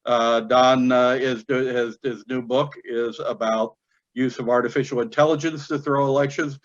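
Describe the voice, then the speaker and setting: A man's voice: medium pitch, steady tone, moderate pace, highs cut off. A male host with a Kentucky accent chatting in a rambling way over a video call, with lots of fillers and restarts. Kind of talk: casual chat.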